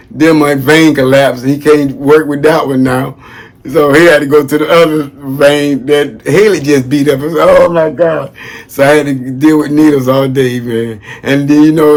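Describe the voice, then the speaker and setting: A man talking casually to his viewers in a lively, laughing vlog. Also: a little high. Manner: animated, laughing, talks straight to viewers. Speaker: history vlogger giving shoutouts.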